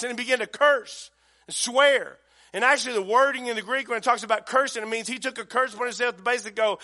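A man's voice: very high-pitched, quick pace, sharp tone. A middle-aged man preaching a sermon in a folksy, conversational way. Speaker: pastor.

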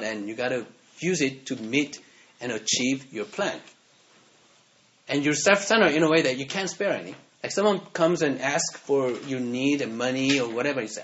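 A man preaching a sermon as pastor, talking conversationally and often checking in with "right?". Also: mid-range voice. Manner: conversational, keeps asking "right?". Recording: dull lo-fi sound.

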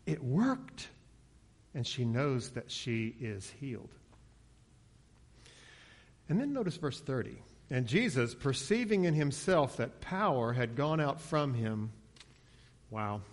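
A man with a sing-song voice preaches an expository sermon slowly, pausing often. His tone is conversational, and he acts out quoted lines by lifting his voice to a higher pitch.

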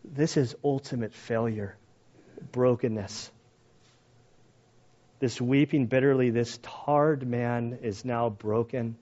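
With the highs cut off, this medium-pitched pastor speaks slowly and leaves long pauses. He reads scripture aloud and explains it in plain, everyday language, his conversational preaching growing loud and animated.

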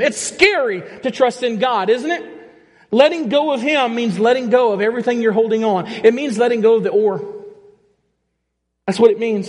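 A male pastor delivering an animated sermon, speaking straight to the congregation with frequent questions. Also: sits high. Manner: animated preaching, rising and falling, direct questions to the congregation. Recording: long reverb of a church hall.

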